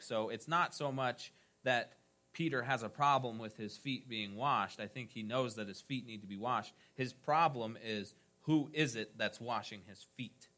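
Emphatic preaching man, bright voice. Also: fairly low pitch. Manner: emphatic preaching with rising, punchy phrases and soft trailing endings. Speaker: pastor. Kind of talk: sermon.

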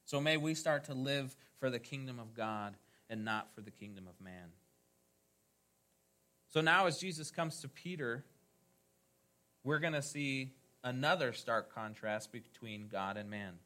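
A man delivers a sermon with a bright, forceful tone. He drives his phrases upward with emphasis, then lets the endings fall soft and low, steady in a mid-range pitch. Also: unhurried. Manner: emphatic preaching with rising, punchy phrases and soft trailing endings. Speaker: pastor.

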